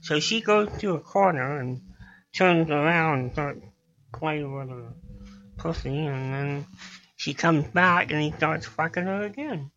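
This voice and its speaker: Here a guest comedian spins drawn-out jokes during a studio chat, switching to character voices whenever a punchline lands. The studio mic captures his fairly high, fairly bright voice, though the highs are cut off.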